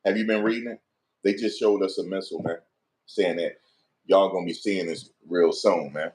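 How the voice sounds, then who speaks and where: A man doing casual vlog commentary, animated and slangy, repeatedly pleading with viewers for likes. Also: sits low, moderate pace. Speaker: online commentator.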